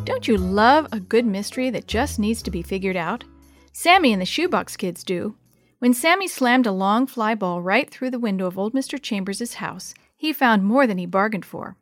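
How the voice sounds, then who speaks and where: A woman reading a children's chapter book aloud in a gentle, expressive storyteller voice. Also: medium pitch, moderate pace, faint music behind.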